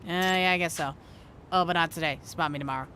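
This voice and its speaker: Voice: medium pitch, fast talker, pushed and bright, a little hiss or hum. A streamer casually reading video game dialogue aloud, with wry asides.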